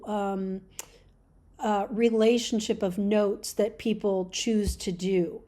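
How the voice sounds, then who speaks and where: A middle-aged woman giving a relaxed spoken lesson on church chanting, explaining with fillers and restarts. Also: fairly high pitch. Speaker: chant teacher.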